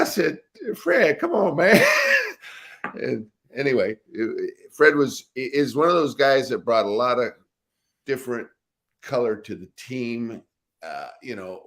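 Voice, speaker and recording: An older man, a former football linebacker, telling laughing stories in a casual interview. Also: mid-range voice. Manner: laughing, animated anecdotes with acted quotes.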